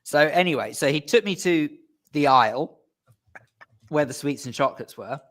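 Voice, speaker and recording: Man, radio studio chat, animated anecdote, fairly high voice, very lively pitch. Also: normal speed. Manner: animated storyteller, voices quoted lines.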